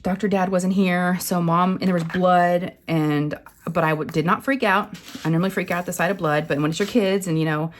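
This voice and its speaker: A woman tells a long story to camera in a casual, rambling way. Her voice sits a little low. She drifts into quick acted quotes as she goes. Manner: chatty, rambling, animated retelling with acted quotes. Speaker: craft channel host.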